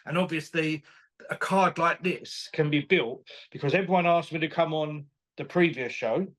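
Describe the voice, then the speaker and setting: Bloke, bit higher voice, chatty boxing promoter, excited, laughing a lot while he tells stories. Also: normal speed. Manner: animated, enthusiastic, laughs often, retells dialogue. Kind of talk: casual interview chat.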